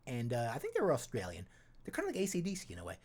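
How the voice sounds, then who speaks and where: A man's voice: medium pitch, wildly swooping pitch, rapid-fire, a little mellow. Rambling man hosting a podcast. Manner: rambling, many restarts and fillers. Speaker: podcast host. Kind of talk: casual chat.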